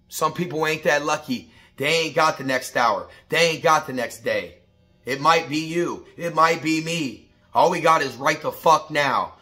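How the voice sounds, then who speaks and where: Brief: blunt, foul-mouthed motivational vlogger, middle-aged man, bright edge, repetitive, pushes to hype shouts. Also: mid-range voice. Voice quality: profane, blunt, street-casual. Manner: preachy, repetitive, rising to shouted pep talk. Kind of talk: morning motivational talk to camera.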